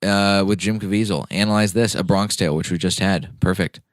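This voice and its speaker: A man's voice: deep voice, fairly even intonation, brisk. A man hosting a comedy podcast, ribbing his guest in casual banter. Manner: teasing, mock-insulting. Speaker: podcast host.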